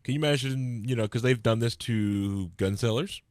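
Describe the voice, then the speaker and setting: A man co-hosting a political podcast in casual chat, rambling and building up steam as he talks. His voice sits at a middle pitch. The sound is dry and close. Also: normal speed, no echo. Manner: rambling, gets worked up and loud. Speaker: podcast co-host.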